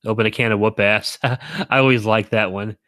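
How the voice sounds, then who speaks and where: A man's voice: on the low side, fairly even intonation, moderate pace, a bit bright, dry recording. A man streaming to his viewers in casual livestream chat, rambling and correcting himself, with frequent chuckles.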